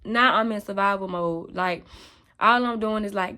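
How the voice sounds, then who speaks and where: A woman's voice: medium pitch, moderate pace, sharp tone. Candid young woman telling her story. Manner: candid, raw and emotional. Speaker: vlogger. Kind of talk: personal testimony storytelling.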